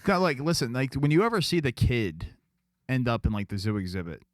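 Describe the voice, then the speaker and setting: A man's voice: medium pitch, very animated, a little fast, no echo, clean studio sound. A man co-hosting a podcast, laid-back and blunt, tossing in wry asides during casual banter. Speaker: podcast co-host.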